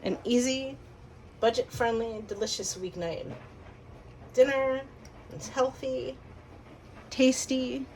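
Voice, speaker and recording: A woman's voice: fairly high pitch, steady tone, slow pace, pauses often, darkish tone, slight background noise. A woman hosting a casual home cooking demonstration, chatty and upbeat, laughing often. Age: young adult to middle-aged mom. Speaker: cooking channel host. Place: home kitchen.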